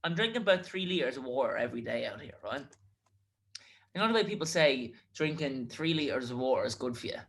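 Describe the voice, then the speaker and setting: A man's voice: mid-range voice, fast talker, creaky. A young man co-hosting a podcast over a video call, talking casually and rambling cheerfully with frequent laughs. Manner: lively, rambling, laughs often. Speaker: podcast co-host. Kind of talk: casual chat. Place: remote, on a video call from abroad.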